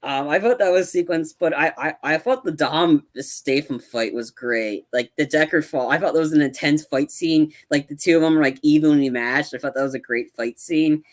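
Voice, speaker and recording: A man co-hosting a podcast, excitedly recapping film scenes with lots of fillers and acted-out quotes. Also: on the high side, normal speed, few pauses. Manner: animated retelling, acts out quotes, lots of fillers. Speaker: podcast co-host. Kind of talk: casual movie review chat.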